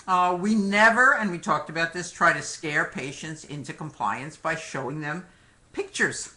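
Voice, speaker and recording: The medical exam lecturer's voice sits on the high side, at normal speed, pushed and bright. He leads a live online review in a conversational manner, joking at times and repeatedly saying "okay" and "my friends" between points.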